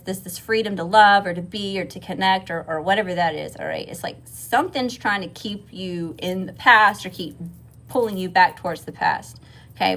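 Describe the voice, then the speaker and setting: A woman from Mississippi with a Southern accent, giving a casual livestream tarot reading, swearing freely and calling her viewers y'all. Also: mid-range voice. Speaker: tarot reader.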